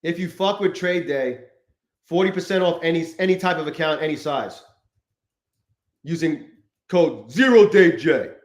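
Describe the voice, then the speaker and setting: Brief: male live-stream host, somewhat high voice, loose profane rambling, roomy echoey sound. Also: moderate pace, long pauses. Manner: profane, rambling, greets chat viewers. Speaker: livestream host. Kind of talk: casual live-stream chat.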